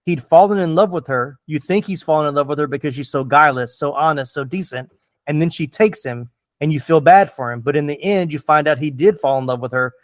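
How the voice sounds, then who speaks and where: A man hosting a movie podcast in an easy, enthusiastic way, voice a touch higher than most men. He talks loosely with lots of fillers, recorded dry and close. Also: brisk, no room sound. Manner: enthusiastic, chatty, many fillers. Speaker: podcast host. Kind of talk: casual movie podcast chat.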